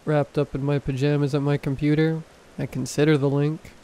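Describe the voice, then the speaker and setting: Male horror narrator, mellow tone, flat steady delivery, faint rain behind. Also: on the high side, a little fast, slight background noise, rough recording. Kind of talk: scripted narration.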